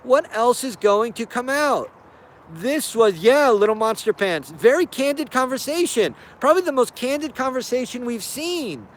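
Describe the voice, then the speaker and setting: A man hosting a casual live stream, animated and sarcastic, laughing often and using lots of fillers. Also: extremely high pitch, moderate pace. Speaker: host.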